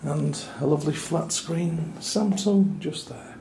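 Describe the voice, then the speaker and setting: A man tours a compact hotel room and reviews it in a casual, wry way. His voice sits slightly high, with a warm, gravelly texture. The recording is roomy and echoey, with faint background hiss. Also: slow pace. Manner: chatty and wry, with dry asides. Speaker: travel reviewer. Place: small hotel room, indoors.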